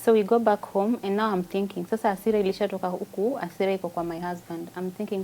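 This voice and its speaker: A woman's voice: mid-range voice, steady tone, quick pace, few pauses, dark tone, slight background noise, poor audio. A woman with a Kenyan accent, a guest giving an emotional personal testimony and mixing Swahili with English.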